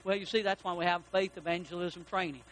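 A man preaching a sermon in a church, folksy and animated, asking his congregation questions. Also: high-pitched, fast talker, slight background noise. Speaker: pastor. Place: church sanctuary.

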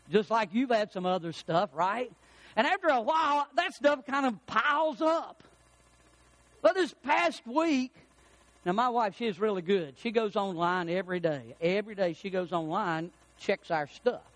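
A middle-aged man preaching a folksy sermon, swinging between loud emphasis and hushed, prayerful passages. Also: high voice, dry recording. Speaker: pastor.

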